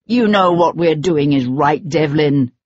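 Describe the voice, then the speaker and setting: Audiobook villain: reader playing a menacing male conspirator, husky, lo-fi audio. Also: medium pitch, a little slow, dry recording, lightly acted. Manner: menacing, persuasive. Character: ruthless male conspirator, cold and threatening. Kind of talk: audiobook character voice. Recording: dull lo-fi recording.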